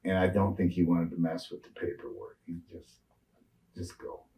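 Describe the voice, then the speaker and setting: A man's voice: sits low, steady tone, moderate pace, mellow, distant mic, slight background noise, low-quality recording. A man in his sixties, a retired wrestler, rambling through road stories in a shoot interview with lots of fillers and restarts.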